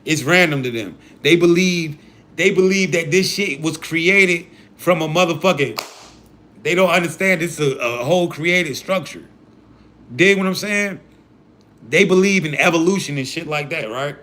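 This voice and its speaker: A man hosting a livestream who lectures his chat in a slangy, profane sermon. His voice is high and bright and pushes forward. He sounds hyped and sure of himself. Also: normal speed. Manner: preachy, profane, hype talk with slang. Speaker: livestream host. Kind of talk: casual livestream rant.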